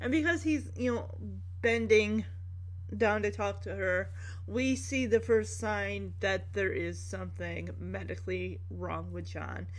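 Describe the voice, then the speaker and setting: A woman casually recapping a story scene by scene, chatty and quick to laugh, often breaking into the characters' lines. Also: mid-range voice. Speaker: show recap host.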